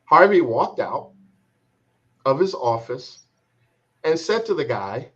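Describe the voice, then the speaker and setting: A man's voice: fairly high pitch, sing-song, slightly rough. Man, transformation coach, reflective storytelling, repeats words, slightly dull sound. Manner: reflective, halting, repeats words while searching for them. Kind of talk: telling a personal story in an interview.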